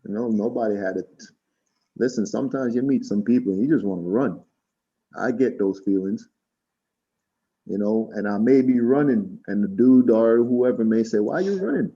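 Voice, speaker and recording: A man from Jamaica telling stories in casual chat on a video call, animated and quick to act out what others said. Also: on the low side, slightly rough. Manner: chatty, animated, quotes people in raised voices. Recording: dull lo-fi call audio.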